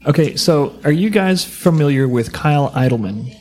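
A man's voice: fairly high pitch, lively intonation, moderate pace, a little mellow. A male podcast co-host talking eagerly in casual chat.

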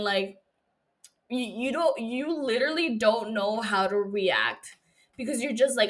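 Woman podcaster with a bright tone, chatting fast and loose, swears a lot and gushes over scenes. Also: on the high side. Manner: animated, profane, gushing reactions. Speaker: podcast host recapping a TV episode. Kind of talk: casual recap chat.

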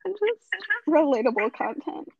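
Young female podcast co-host, high pitch, giggly storyteller, dry muffled home recording. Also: sing-song, normal speed, creaky, dry recording. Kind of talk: casual chat.

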